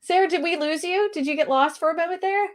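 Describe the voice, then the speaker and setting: A woman's voice: extremely high pitch, fast. A woman on a video call, talking passionately and ranting about housing, with frequent laughs. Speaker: real estate agent panelist. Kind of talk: casual panel chat.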